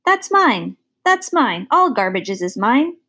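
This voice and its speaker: Woman voicing Ernest, shouting garbage-heap king. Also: medium pitch, big pitch swings, unhurried, husky. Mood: outraged. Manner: shouting, frantic and possessive. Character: wild-tempered male garbage-heap king, a madman.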